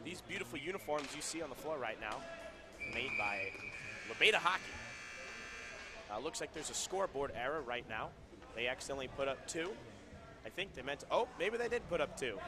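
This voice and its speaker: A man giving casual, chatty play-by-play commentary at an indoor roller hockey rink, with quick bursts of excitement. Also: mid-range voice, music in the background. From Southern California.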